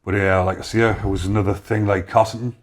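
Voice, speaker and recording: North east english guy telling stories on a podcast, lowish voice, does the voices of people he quotes. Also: quick pace. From North East England. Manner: lively storyteller acting out quoted voices. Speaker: podcast guest. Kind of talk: casual storytelling.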